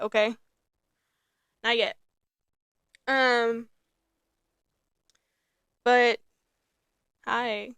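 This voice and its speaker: A young woman hosting her own podcast in casual, rambling talk, repeating herself and filling pauses with um and like. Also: on the high side, creaky, a bit bright, no room sound. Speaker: podcast host. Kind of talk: casual solo podcast chat.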